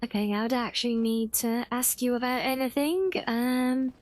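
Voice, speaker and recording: A woman's voice: on the high side, fairly even intonation, normal speed. A woman livestreaming a game, chatting casually with her chat, giggly and bubbly.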